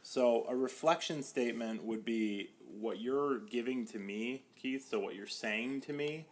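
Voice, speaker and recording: A young psychotherapist speaks casually on a podcast with a medium-pitched voice at a measured pace. He drops "like" constantly and slips into quoted voices now and then.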